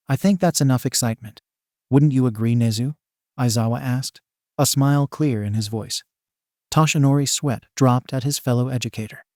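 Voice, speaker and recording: A man narrating a fan fiction story in an even, unhurried way. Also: medium pitch, no room sound, clean studio sound.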